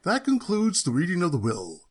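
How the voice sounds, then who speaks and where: A man's voice: high voice, huge pitch swings, moderate pace, very noisy. A man voicing a stuffy, pompous male lawyer who reads a will in a formal, mock-polite way. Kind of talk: cartoon voice acting.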